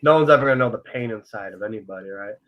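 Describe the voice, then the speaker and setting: Rambling earnest young man, low-voiced. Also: rapid-fire, highs cut off. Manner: rambling, filler-heavy, swears freely; earnest and open about feelings. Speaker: podcast co-host. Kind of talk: casual podcast chat.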